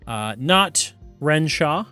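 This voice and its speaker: Relaxed man running a tabletop game. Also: on the high side, extremely slow, clean tone, soft background music. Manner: relaxed, chatty narration with filler words. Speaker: game master.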